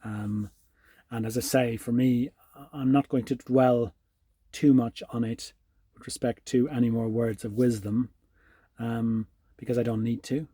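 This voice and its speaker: A man hosting his own channel, talking calmly and reflectively to the camera, often restarting his sentences. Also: mid-range voice, a little slow, breathy edge, no echo. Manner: calm, musing, with frequent restarts. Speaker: channel host. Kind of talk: reflective solo talk to camera.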